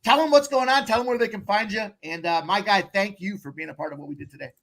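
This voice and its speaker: High, bright-voiced hype host man. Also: quick pace. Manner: energetic, slangy hype talk. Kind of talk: hyped-up sports betting show hosting.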